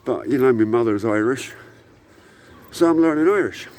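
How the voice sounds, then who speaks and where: A man's voice: medium pitch, animated, moderate pace, a little mellow. A man in his sixties from England, a rock musician delivering a heated, rambling monologue to camera with frequent hesitations. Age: 60s.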